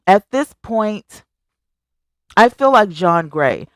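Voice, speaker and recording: A woman's voice: takes it slowly, dry recording, clean studio sound. A woman hosting a live stream, chatting casually and emphatically with her viewers and reading their comments aloud. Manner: animated, emphatic, swings high on exclamations; chatty, talks straight to viewers.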